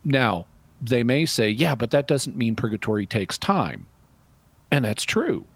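A man's voice: medium pitch, very animated, a little slow, vocal fry, slightly rough, no echo. A man answering a caller's question on a call-in radio show, reasoning through a point step by step. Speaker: radio show guest apologist.

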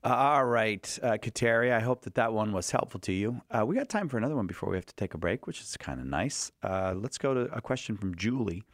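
A man's voice: on the low side, animated, fast, few pauses, no echo, clean studio sound. A man with a Boston accent hosting a call-in radio show, reading out listener questions in an easygoing, self-joking way.

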